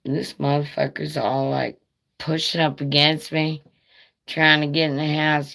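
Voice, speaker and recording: A middle-aged woman rambles through a story on a live stream in a remarkably deep, low voice. She takes her time, drawling along slowly. She swears freely and drops laughing asides as she goes. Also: level tone, vocal fry, a bit bright.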